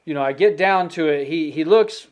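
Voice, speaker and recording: A man's voice: fairly high pitch, moderate pace, a little mellow. A man co-hosting a casual sports podcast, talking loosely with restarts and asides. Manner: loose and conversational, with restarts and fillers like "you know" and "man". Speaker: podcast co-host. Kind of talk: casual sports prediction chat.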